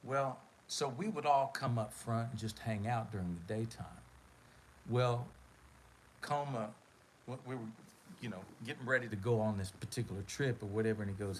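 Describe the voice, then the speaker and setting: A man's voice: fairly low pitch, moderate pace, a little hiss or hum, poor audio. A man hosting a live stream, telling a long story in a rambling, laid-back way. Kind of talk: casual storytelling.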